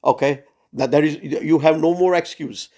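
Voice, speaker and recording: A man leading a Bible study over a video call, preaching urgently with many pauses and fillers. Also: fairly high pitch, a little mellow. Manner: earnest and urgent, frequent "uh" and "right?" fillers. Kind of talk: sermon-style Bible teaching. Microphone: Zoom call.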